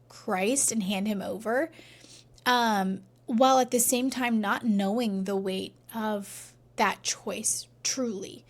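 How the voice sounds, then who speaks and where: A woman coach telling a faith-based story in casual talk, often checking in with "right?" and dropping to near-whispers at emotional points. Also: a little high. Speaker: relationship coach.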